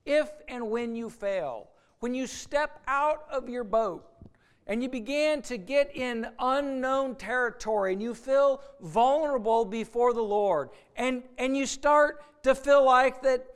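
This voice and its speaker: A man's voice: extremely high pitch, unhurried, clean tone. A man preaching a sermon, earnest, often repeating words and acting out the voices of doubting people.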